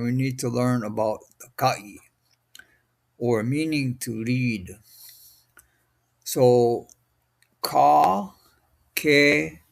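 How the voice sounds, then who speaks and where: A man from Hawaii giving a recorded language lesson, slow, deliberate and patient, drawing out each sound. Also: mid-range voice, gravelly. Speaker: language teacher.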